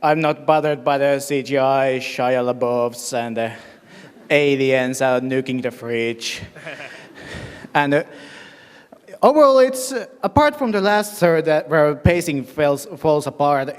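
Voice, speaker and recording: A man whose native language is Finnish, slowly and hesitantly asking a question from the audience at a convention panel. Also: on the high side, clean tone. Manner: slow, hesitant, searching for words. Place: convention hall. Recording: reverberant convention hall.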